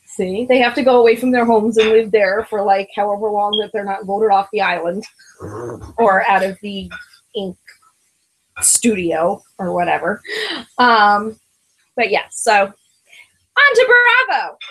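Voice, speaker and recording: A woman's voice: unhurried, long pauses. A woman co-hosting a reality TV review show, chatting casually and rambling, laughing often and using lots of "like" and "um". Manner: mimics others in a high, excited voice when retelling. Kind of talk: casual chat.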